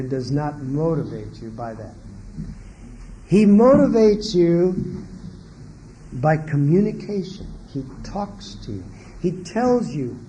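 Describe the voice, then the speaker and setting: A man's voice: on the high side, slight background noise, poor audio. A man giving a marriage seminar lecture, asking the audience question after question and acting out what parents and children say. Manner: animated, asks the audience many questions; acts out quoted parents and children. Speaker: seminar speaker.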